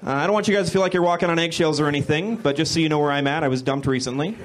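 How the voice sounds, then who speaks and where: A young man doing a stand-up set on a comedy club stage into a handheld mic, awkward and deadpan, correcting himself and at times building into shouted rants. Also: a little high, rapid-fire, a little hiss or hum. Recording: live club recording with crowd laughter.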